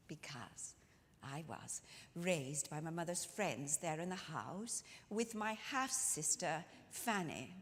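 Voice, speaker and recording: A woman's voice: on the low side, animated, a little slow. Theatrical woman storyteller in a reverberant hall. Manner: dramatic, intimate, addresses the audience directly. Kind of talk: first-person theatrical storytelling in character. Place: church hall at a live community concert. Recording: long hall reverb from a live room.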